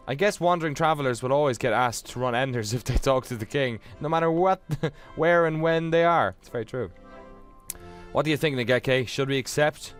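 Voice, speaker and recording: A man's voice: mid-range voice, brisk, clear, resonant tone, soft background music. A man reading a game aloud and joking, often laughing, as casual gameplay commentary. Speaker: let's player.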